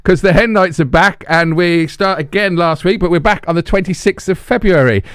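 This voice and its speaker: High, rambling male podcast host, close and dry, casual chat. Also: moderate pace, clean tone, no room sound. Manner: chatty, rambling, stumbles over words.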